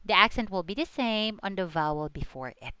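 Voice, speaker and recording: A woman's voice: medium pitch, expressive, fairly quick, pushed and bright, slight background noise, low-quality recording. A young woman giving a recorded English pronunciation lesson, spelling out letters and repeating example words. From Philippines. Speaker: student presenter.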